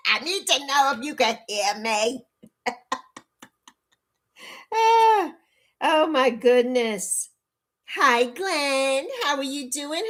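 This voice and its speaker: A woman's voice: high voice, a bit bright. A woman in her sixties hosting a casual livestream, flustered and pleading for help while greeting viewers by name. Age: 60s. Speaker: livestream host. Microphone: laptop mic.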